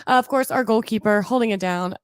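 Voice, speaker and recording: A woman's voice: mid-range voice, fast talker, clean tone, dry recording, studio quality. An American woman co-hosting a casual fan podcast, chatty and teasing. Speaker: podcast co-host.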